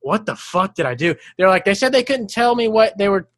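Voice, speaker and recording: A man's voice: brisk, dry recording. A young man in casual chat, telling stories with lots of swearing and laughter and acting out the voices of people he quotes. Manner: animated storyteller, swears freely, laughs mid-sentence; acts out voices in quoted lines, jumping up high.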